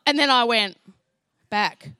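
A woman sharing a faith testimony as an animated story, acting out dialogue and laughing often. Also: a little high, slow pace, clear, resonant tone, dry recording.

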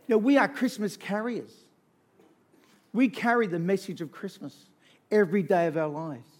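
A man delivering a sermon in a fairly high voice. He swings between hushed, intimate storytelling and loud, rousing calls to the congregation, with emphatic, repeated phrases. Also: normal speed. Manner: emphatic, repetitive lists. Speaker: pastor.

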